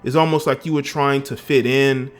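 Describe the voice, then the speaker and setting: A man's voice: mid-range voice, steady tone, moderate pace. A man from the American South giving emphatic, indignant political commentary on his own vlog, often restarting his phrases.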